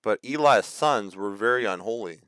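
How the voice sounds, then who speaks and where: Male, 30s, rambling casual rant, lots of fillers; low, smooth, dry close sound. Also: lively intonation, normal speed, a bit bright, no room sound. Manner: rambling, with many fillers and restarts; acts out quoted voices mockingly. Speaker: video host. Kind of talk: casual ranting monologue.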